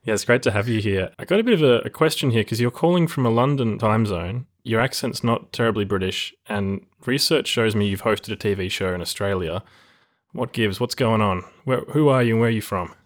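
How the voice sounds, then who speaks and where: A man's voice: fairly low pitch, a little fast. A man hosting a podcast, reading an upbeat welcome and chatting with a guest. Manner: upbeat, friendly scripted delivery. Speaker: podcast host. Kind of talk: podcast intro and interview. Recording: music bed under the voice.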